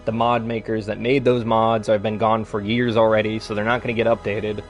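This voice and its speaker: A man's voice: on the low side, level tone, a little fast, soft background music. A man chatting casually on a live stream, rambling and swearing freely as he rants.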